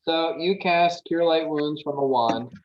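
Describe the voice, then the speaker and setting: This man's voice sits on the high side, with the top frequencies cut off. He's the game master for a tabletop game, talking casually and haltingly, with lots of restarts and fillers.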